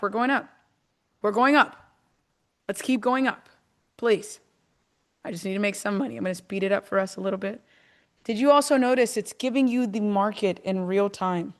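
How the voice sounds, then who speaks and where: Female stream host, mid-range voice, casual and excitable, narrates her own trades live. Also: medium pitch. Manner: chatty and excitable, talks herself through each step. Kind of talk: live trading demo, talking to viewers.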